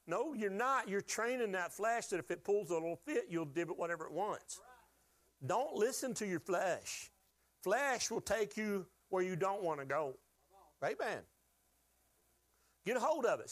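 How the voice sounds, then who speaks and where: A man's voice: high voice, animated, moderate pace. A man preaching a sermon to his church, folksy and joking, asking the congregation to call out answers. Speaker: pastor.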